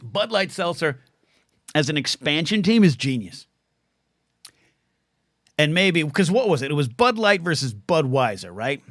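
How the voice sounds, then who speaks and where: A man's voice: fairly high pitch, big pitch swings, moderate pace, long pauses, a bit bright, no echo, studio quality. Rambling jokey male podcast host. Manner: rambling, self-interrupting, jokey. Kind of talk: solo livestream Q&A.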